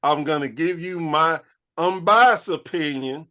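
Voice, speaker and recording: A man co-hosting a casual wrestling talk show who talks slowly and dramatically. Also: on the high side, sharp tone. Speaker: co-host.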